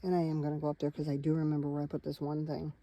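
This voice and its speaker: Tired, gravelly-voiced woman chatting from her van. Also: deep voice, monotone, rapid-fire, mellow, rough recording. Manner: chatty, wandering, talks straight to viewers. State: tired, yawning. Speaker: van life vlogger. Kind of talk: casual rambling vlog chat. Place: inside her parked van at night.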